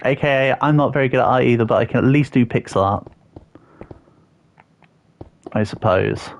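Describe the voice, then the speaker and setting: A young man with a creaky, mid-range voice speaks at normal speed during a casual livestream of a building game, answering viewers with jokes at his own expense. Slightly dull audio carries faint background music.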